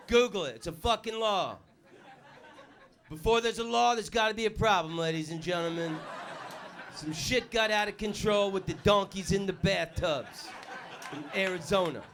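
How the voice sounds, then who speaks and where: A man performing a stand-up comedy set in a club, with a loud, punchy delivery. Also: sits high. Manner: loud punchy delivery, puts on voices for jokes.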